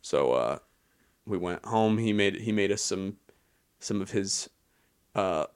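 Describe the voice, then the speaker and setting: A man's voice: deep voice, expressive, slow pace. A young man co-hosting a podcast, chatting in a rambling, easygoing way with restarts. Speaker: podcast co-host. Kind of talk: casual chat.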